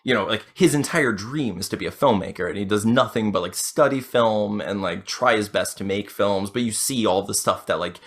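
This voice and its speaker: A man's voice: lowish voice, fairly quick, hardly any pauses. A young man hosting a casual podcast, rambling and self-deprecating, with many fillers and restarts. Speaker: podcast host.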